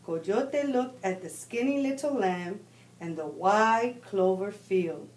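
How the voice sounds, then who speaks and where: A woman, a guest reader, reading a children's picture book aloud with expressive storytelling. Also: medium pitch, slow.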